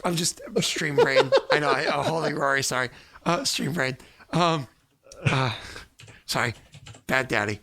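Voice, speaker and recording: A man's voice: a little high, very animated, measured pace, gravelly, bright, forceful tone. A man who runs the game and streams it, chatting casually and playfully from his home basement. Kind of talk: casual chat.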